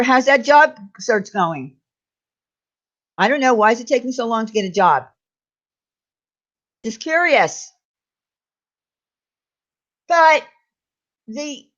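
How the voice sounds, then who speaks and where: A woman's voice: high-pitched, fairly bright tone, dull audio. A woman hosting her own channel, angrily ranting with sarcastic, indignant questions and repeated names. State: angry. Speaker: YouTube commentary host. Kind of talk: angry ranting commentary.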